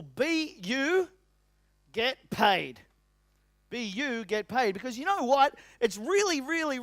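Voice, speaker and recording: A man's voice: high voice, dry recording, studio quality. Punchy Australian man coaching a seminar. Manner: energetic, emphatic, repeats key phrases. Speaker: business coach. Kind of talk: motivational seminar talk. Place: seminar room with tables.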